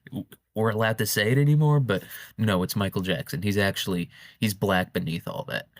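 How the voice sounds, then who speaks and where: A man's voice: lowish voice, no echo, clean studio sound. A man hosting a show, rambling through a casual, irreverent comic monologue and often laughing. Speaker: podcast host.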